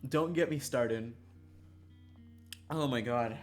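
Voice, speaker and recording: A game streamer chatting while playing a visual novel, swinging between loud rants and quiet mumbles, swearing freely and laughing often. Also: medium pitch, takes it slowly, faint music behind.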